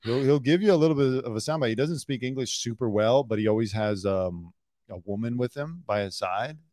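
A man hosting a casual celebrity news podcast, sarcastic and quick to drop into mocking impressions. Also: mid-range voice, darkish tone, no echo, studio quality. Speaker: podcast host, former celebrity news producer. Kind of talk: casual chat.

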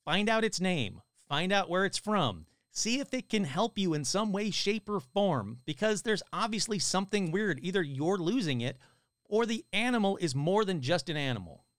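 A male host reads creepy listener stories on a live stream, his voice swinging up and down as he jokes between them. His voice sits a bit high for a man. The sound is dry and close, with no room echo. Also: moderate pace. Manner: animated, joking asides between stories. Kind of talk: live-stream story reading with chat.

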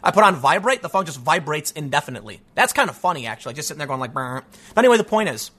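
A male host delivering solo commentary in a high, bright voice. His pitch leaps around constantly as he makes his points with emphatic energy. He drives each argument home hard. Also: very fast, slightly rough. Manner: emphatic, animated, acts out quoted voices.

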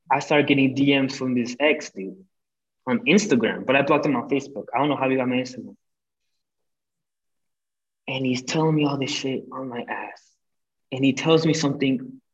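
A young man, a podcast guest, telling a breakup story in casual chat, animated and full of swearing, acting out what people said. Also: medium pitch, highs cut off. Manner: animated, profane, acts out quoted lines.

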